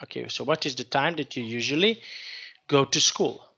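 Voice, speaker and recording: A man's voice: medium pitch, normal speed, creaky, pushed and bright, husky, highs cut off. A man teaching an online English lesson, patiently repeating and rephrasing each question for his student.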